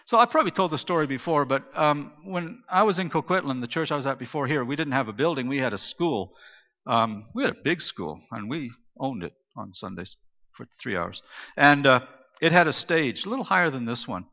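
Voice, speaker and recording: A male pastor delivers a sermon in a loose, anecdotal way, with plenty of ums and restarts. His voice is bright and pushed forward. It rings through a big reverberant church hall on a dull, muffled recording. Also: medium pitch, expressive, brisk. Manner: conversational, anecdotal, many fillers and restarts. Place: church auditorium.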